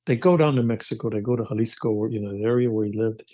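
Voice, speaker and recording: A man's voice: mid-range voice, quick pace, few pauses, no room sound. An older man on a podcast, spinning anecdotes with lots of acted-out quotes and stumbling repeats. His voice sits in the middle of the range. The audio is dry and a little dull. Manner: animated storyteller who acts out quotes and repeats words. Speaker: guest, actor. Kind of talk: casual interview storytelling.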